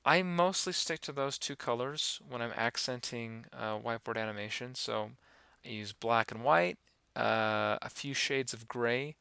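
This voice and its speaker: Man, gravelly bright voice, relaxed rambling software tutorial, dry close sound. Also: mid-range voice, dry recording. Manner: relaxed, rambling, many fillers. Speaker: animation instructor. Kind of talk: screen-recorded software tutorial.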